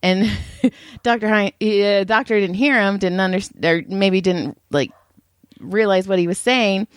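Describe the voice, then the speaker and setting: A woman's voice: mid-range voice, a little slow, smooth, no room sound, clean studio sound. A woman co-hosting a podcast, casually telling crude, laughing stories and acting out what people said. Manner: laughing, crude storytelling with acted-out quotes. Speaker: podcast co-host. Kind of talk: casual chat.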